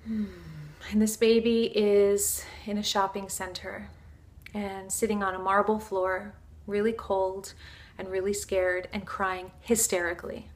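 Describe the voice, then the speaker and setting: A woman's voice: medium pitch, little pitch movement, unhurried. A woman spiritual teacher giving a casual talk in an earnest, flowing way, sprinkled with fillers like "like" and "you know".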